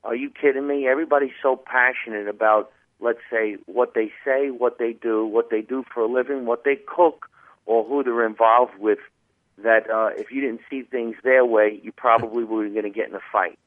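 A middle-aged comedian from New Jersey with a New Jersey accent, telling stories with plenty of jokes and laughs. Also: male voice, mid-range voice, fairly even intonation, moderate pace, no room sound. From New Jersey, USA. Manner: jokey storyteller, laughs often. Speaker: stand-up comedian guest. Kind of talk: casual phone interview. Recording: dry tinny phone line.

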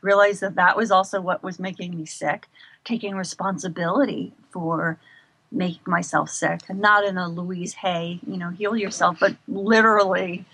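A middle-aged woman talking in a casual interview, an animated and expressive storyteller. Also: fairly low pitch, normal speed, slightly rough, dry recording. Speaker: guest.

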